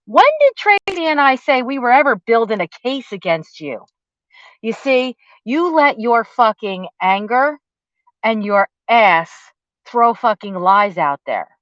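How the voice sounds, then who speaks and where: A woman's voice: on the high side, animated, measured pace, a bit bright, dry recording. A woman vlogger delivering an angry, profane, confrontational rant straight at her target, mocking and accusatory. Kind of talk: angry direct-to-camera rant. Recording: dull lo-fi dry audio.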